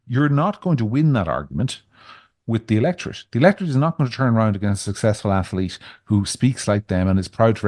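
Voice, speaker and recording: A man's voice: lowish voice, darkish tone, no echo. A man with an Irish accent co-hosting a podcast, talking in a discursive, wry way with frequent restarts. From Ireland. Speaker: podcast co-host. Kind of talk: casual political chat.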